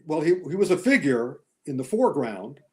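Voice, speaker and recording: A man chatting as a guest on a movie discussion show, animated and chuckling as he tells his opinions. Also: on the high side, brisk. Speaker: guest film critic and author.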